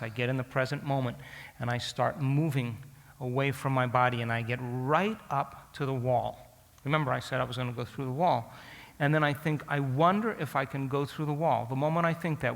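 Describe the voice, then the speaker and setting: Bright-voiced man lecturing in a reverberant hall. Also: medium pitch, a little fast, creaky. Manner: animated, asks the audience direct questions; acts out his own past thoughts in quotes. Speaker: speaker teaching an audience. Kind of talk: storytelling lecture.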